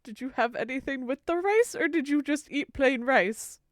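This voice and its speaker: A woman's voice: high voice, animated, normal speed, dry recording, clean studio sound. A woman streamer chatting casually with her viewers, doting and playful, with cutesy internet slang. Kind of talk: casual live-stream chat, reading chat.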